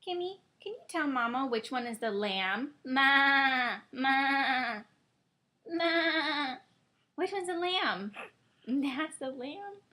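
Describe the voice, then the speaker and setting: A young mother in sing-song baby talk, her voice high and bouncing widely in pitch. She speaks slowly and coaxingly, with bright praise and playful animal noises. The tone is clear and lively. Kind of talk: baby talk with a seven-month-old.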